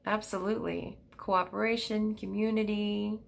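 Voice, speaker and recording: A middle-aged woman giving a pick-a-card tarot reading at her desk at home, speaking gently and emotionally, with soothing pauses. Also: medium pitch, level tone, vocal fry.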